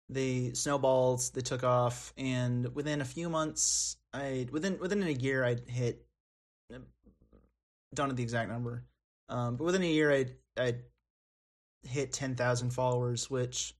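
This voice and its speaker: Young guy on a podcast, rambly, lots of ums and restarts. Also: medium pitch. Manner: rambling, many restarts and fillers. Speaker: podcast guest. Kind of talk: casual chat.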